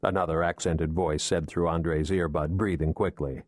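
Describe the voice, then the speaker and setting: Male audiobook narrator, low voice, dry close sound, steady thriller reading. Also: no room sound. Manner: measured, steady storytelling.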